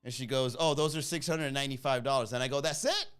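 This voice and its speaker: A man hosting a comedy podcast, telling a story in a casual, animated way, acting out the people in it and laughing at his own jokes. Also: fast, clear, resonant tone. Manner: animated, acts out quoted voices with big pitch jumps.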